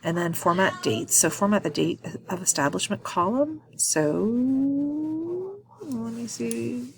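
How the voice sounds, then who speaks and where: A woman walking through a software task in a screen-recorded tutorial, thinking aloud with frequent ums and quick self-corrections. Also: a little high, lively intonation, slight background noise. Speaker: instructor.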